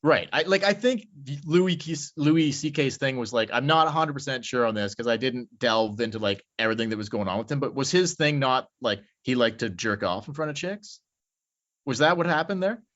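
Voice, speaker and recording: A man talks hockey in loose, unhurried podcast chat, rambling through thoughts and swearing freely. His voice sits in an ordinary middle register. The recording is somewhat dull and lo-fi. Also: medium pitch, lively intonation, fairly bright tone. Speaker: podcast co-host. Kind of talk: casual sports chat. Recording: slightly dull lo-fi audio.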